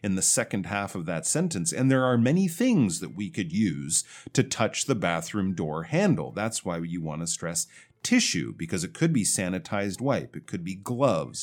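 Man, pronunciation teacher, lowish voice, patient, explanatory, slows down on example words. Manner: patient, explanatory, drawls words slowly to demonstrate. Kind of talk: feedback on listener recordings.

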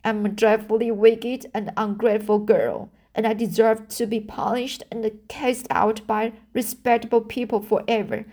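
A woman's voice: on the high side, fairly even intonation, moderate pace, few pauses, warm tone, natural voice. Woman doing a pleading orphan girl. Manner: pleading, dramatic. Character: dreamy talkative orphan girl, eleven.

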